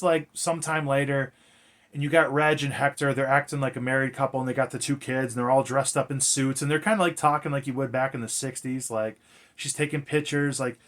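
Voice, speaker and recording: A man with a mid-range, fairly bright voice reviews a movie by recapping it in a rambling, casual way, full of profanity and filler words.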